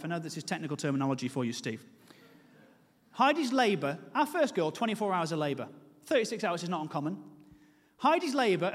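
A man's voice: a bit bright, long reverb tail. A man performing self-mocking stand-up comedy, telling a story and acting out his own panic. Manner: self-mocking, acts out panicked high-pitched voices. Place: comedy venue with live audience.

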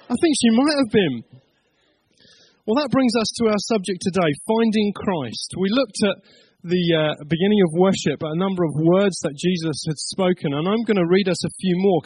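A man's voice: high-pitched, darkish tone, husky, no room sound, rough recording. A middle-aged man from England preaching a sermon, telling a family story in a chatty way. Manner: chatty storyteller, laughs at his own tale.

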